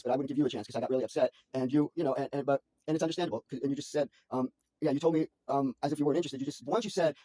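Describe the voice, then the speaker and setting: A man talking to his mother on a phone call, rambling anxiously with halting restarts and repeated words. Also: a little high, dark tone, no room sound. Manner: anxious, frantic storytelling.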